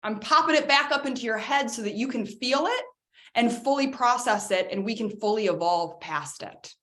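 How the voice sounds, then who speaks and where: A person's own body speaks up, insistent and coaxing, a little higher and brighter than the speaker's usual tone, as a woman puts it on. It keeps nudging the listener to finally feel something they have long avoided. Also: animated, moderate pace. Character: a person's own body, nagging them to heal.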